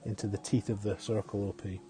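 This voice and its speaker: A man's voice: on the low side, little pitch movement, a little fast, over music. A man giving casual live-stream commentary on a game, chatty, thinking aloud and chuckling often.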